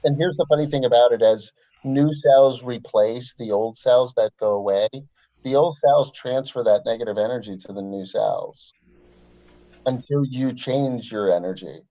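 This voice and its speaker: A man's voice: mid-range voice, moderate pace, dark tone, no room sound, lo-fi sound. A man speaking as an interview guest in a laid-back, earnest way, often calling the host "man" or "brother". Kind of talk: casual interview chat.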